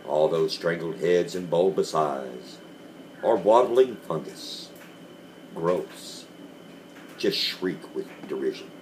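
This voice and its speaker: A man reads a classic tale aloud in a very low, deep voice. He takes his time, drawing each phrase out slowly with dramatic pauses. Faint background noise sits under the reading. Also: expressive, darkish tone. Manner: slow, deliberate storytelling with dramatic pauses. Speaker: reader.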